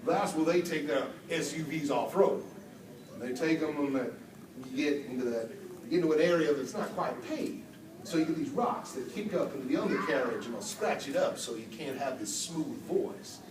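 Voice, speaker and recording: A man, a voice actor, telling lively stories at a convention Q&A and acting out the quotes. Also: on the high side. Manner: animated storyteller, acts out quotes. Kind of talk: storytelling convention panel answer. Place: convention hall from afar. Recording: echoey hall, distant mic, background noise.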